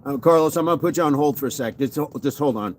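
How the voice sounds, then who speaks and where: A man's voice: a little high, quick pace. Joking man hosting a fitness livestream. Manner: playful, joking, greets viewers by name. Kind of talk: casual livestream chat reading comments.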